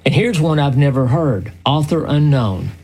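A man's voice: fairly high pitch, animated, darkish tone, husky. An older man hosting a radio commentary, telling stories in an earnest, folksy way. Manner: slow, earnest, folksy storytelling.

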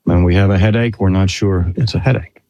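An older man preaching a sermon in a slow, earnest way with drawn-out emphasis. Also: deep voice, steady tone, warm tone. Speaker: pastor.

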